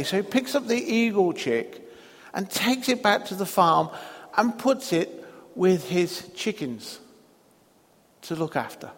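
A male preacher delivering a sermon at an unhurried, measured pace, pausing often as he tells a story. His voice sits fairly high for a man. The sound carries a long reverb, like a large church. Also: fairly bright tone.

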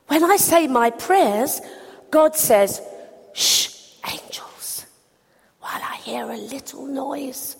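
A woman voicing a quiet four-year-old girl in a soft, hushed child's voice. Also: very high voice, expressive, slow, big-room sound, voice pushed up, exaggerated voice.

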